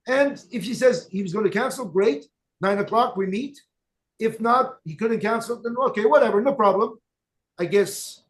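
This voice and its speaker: A man who leads in network marketing, telling motivational stories in an emphatic, direct way and repeating his key points. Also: high voice. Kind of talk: motivational storytelling talk.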